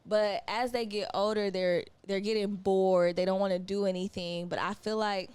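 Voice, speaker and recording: A woman's voice: medium pitch, steady tone, normal speed, a little mellow, clear, resonant tone, dry recording. A young adult woman co-hosting a podcast, talking bluntly and emphatically in casual slang. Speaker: podcast co-host. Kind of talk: casual chat.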